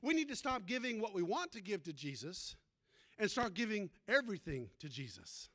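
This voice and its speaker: A man's voice: high voice, sing-song, normal speed, fairly bright tone. A male pastor preaching a sermon, telling a story and calling out to the congregation for amens. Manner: storytelling preacher with call-and-response.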